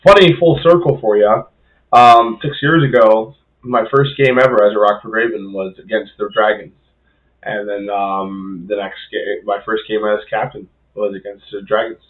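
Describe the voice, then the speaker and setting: A man's voice: fairly low pitch, fairly even intonation, normal speed, phone-quality sound. A young man, a podcast co-host and rugby player, telling a story in casual chat with plenty of swearing and filler words.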